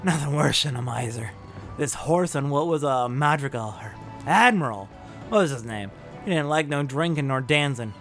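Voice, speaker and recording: A man's voice: fairly high pitch, lively intonation, moderate pace, a bit bright, soft background music. A man voicing a drunk, rowdy male sailor who rambles in a slurred pirate-style dialect. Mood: drunken rambling.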